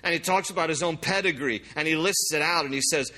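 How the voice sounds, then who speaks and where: A man preaching a sermon, reading scripture aloud with emphasis and slowing down for the verses. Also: on the high side, sharp tone. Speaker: pastor.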